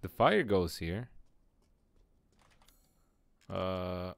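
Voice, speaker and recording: A young man talks over a game stream in a slow, gravelly voice, laid-back and quick to react. His pitch moves around a lot as he jokes. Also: animated. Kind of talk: casual gameplay commentary.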